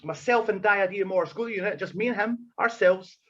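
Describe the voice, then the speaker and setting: Speaking fast in a high voice, a wrestler on a podcast recounts a crude story, cursing freely and animatedly acting out each scene. The recording is muffled, with a little hiss or hum.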